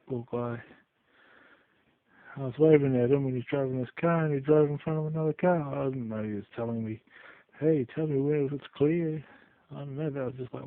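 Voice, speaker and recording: A man telling rambling stories in a casual vlog, swearing freely and trailing off into quiet asides. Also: mid-range voice. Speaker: vlogger. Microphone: phone. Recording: tinny phone-like sound.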